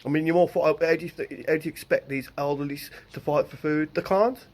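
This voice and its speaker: A man's voice: on the high side, fast talker, a little mellow. An angry man ranting and swearing into his phone camera about what his wife saw. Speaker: husband venting on camera. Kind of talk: angry home video rant.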